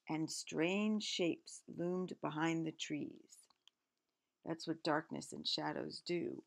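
A woman reading a picture book aloud, stopping often in a gentle, expressive way to explain the pictures. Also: low voice, vocal fry.

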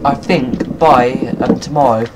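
A young man giving casual, excitable game commentary at his computer, swearing often and talking to himself. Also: mid-range voice, a little slow, heavy background noise. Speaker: gaming video maker. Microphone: computer mic, no headset.

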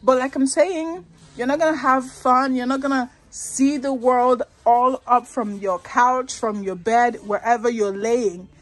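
A young woman vlogging casually while shopping, chatty and excitable, laughing often. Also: fairly high pitch, unhurried. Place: shopping mall.

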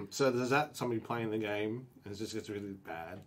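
A man co-hosting a casual podcast chat, joking and teasing the host. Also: lowish voice. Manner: quick, teasing banter.

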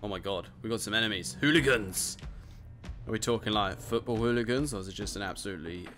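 A man with a British accent giving excitable, laughing commentary while playing a video game. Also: lowish voice, rapid-fire, soft background music. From United Kingdom. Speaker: gamer, channel host. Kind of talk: casual let's-play commentary.

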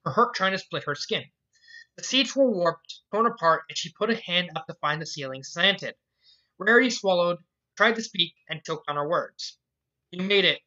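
A reader narrating a fan fiction story aloud in a measured, earnest way. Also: medium pitch, lively intonation, bright, forceful tone. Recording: dull lo-fi recording.

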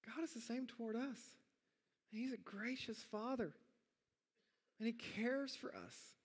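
A middle-aged man preaching a sermon as pastor, talking in a conversational, animated way with big jumps in pitch. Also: takes it slowly, slightly rough, in a large hall. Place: church sanctuary.

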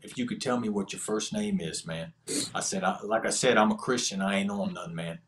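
A man's voice: fairly low pitch, brisk, a bit bright, a little hiss or hum. A man, a podcast guest telling an earnest testimony story in casual, slangy speech. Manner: earnest, slangy prison storytelling with quoted dialogue.

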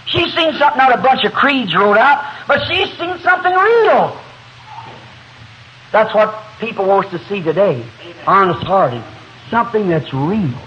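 A man preaching a revival sermon, telling a story in a fervent, folksy way that rises to shouts, recorded on an old 1960s tape in a meeting hall. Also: high-pitched, highs cut off, slight background noise.

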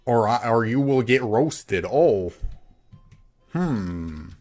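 A man's voice: mid-range voice, lively intonation, drawn-out words, a little mellow, soft background music. A man streaming a cartoon game, reading other players' chat aloud and answering it with mocking sarcasm. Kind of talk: live gameplay commentary.

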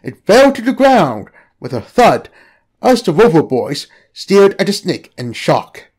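A man reading a story aloud as narrator, in an expressive storytelling manner. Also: high-pitched, unhurried, breathy edge. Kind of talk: scripted narration.

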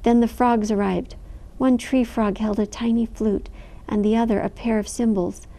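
A woman storyteller reading a picture book aloud, expressive and animated, with sound effects. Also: on the high side, normal speed.

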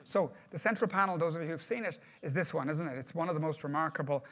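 Man, project management trainer, quick pace, conversational, asks the audience questions. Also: a little high, a bit bright. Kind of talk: workshop presentation to a group.

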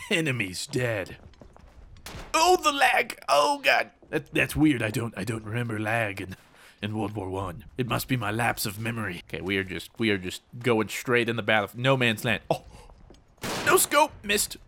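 Lively, animated male gaming commentator. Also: mid-range voice, normal speed. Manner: mock-serious war narration broken by excited outbursts; jokey, teasing. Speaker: gaming YouTuber. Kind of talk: gameplay commentary.

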